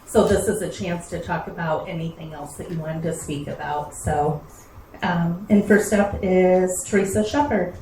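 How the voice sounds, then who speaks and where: A woman's voice: lowish voice, normal speed, a little mellow. A woman runs a school board meeting in a matter-of-fact manner, with hesitant fillers between items. She sounds distant from the mic in an echoey room with a faint hum behind her. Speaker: board president chairing the meeting. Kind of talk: procedural chairing of a meeting.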